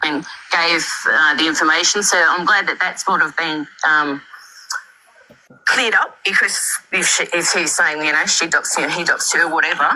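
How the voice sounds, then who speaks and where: Very bright-voiced woman giving measured criticism. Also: sits low, fairly even intonation, low-quality recording. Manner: measured, repeats points, many fillers. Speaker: guest commentator on a live stream. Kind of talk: critical commentary in a live chat.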